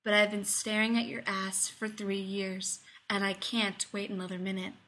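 Woman doing a slow-drawling male pilot. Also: mid-range voice, flat delivery, a bit bright, close to an everyday voice. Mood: firm.

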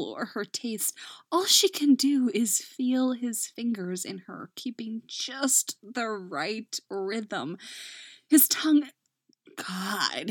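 Slow, soft-spoken woman storyteller. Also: on the high side, no echo, studio quality. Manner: soft, slips into whispers. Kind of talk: romance audiobook narration.

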